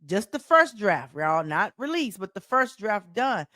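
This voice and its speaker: A woman with a light Southern US accent talks straight into a close mic, coaching her podcast listeners. Her delivery is animated and folksy, and she repeats key phrases like a preacher driving a point home. The sound is dry, with no room echo. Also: mid-range voice, unhurried. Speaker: life coach and podcast host. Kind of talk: solo motivational podcast talk.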